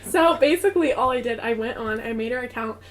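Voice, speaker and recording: A woman's voice: fairly high pitch, fast talker, heavy background noise. A young woman co-hosting a podcast in casual chat, giggly and chatty with lots of "like". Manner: giggly, chatty, uses "like" often. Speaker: podcast co-host.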